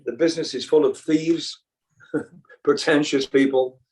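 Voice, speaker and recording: An older man from Britain answers interview questions in a loose, rambling way, full of restarts and easy laughs. His speaking voice sits somewhat high for a man. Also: fairly even intonation, measured pace, recorded from a distance, poor audio. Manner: rambling, many fillers and restarts, laughs easily. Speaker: rock singer, interview guest. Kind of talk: casual interview chat.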